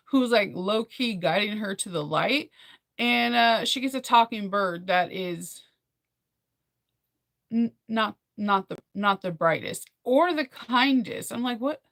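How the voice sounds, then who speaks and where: A young woman in casual chat, rambling and animated as she recaps a film, full of fillers and laughs. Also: a little high, no echo, clean studio sound. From United States.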